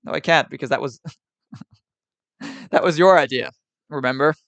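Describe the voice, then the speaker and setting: A man's voice: on the high side, normal speed, vocal fry, fairly bright tone, no room sound. A man chatting casually on a live stream as a guest, hesitant, often repeating words and laughing off requests. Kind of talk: casual chat.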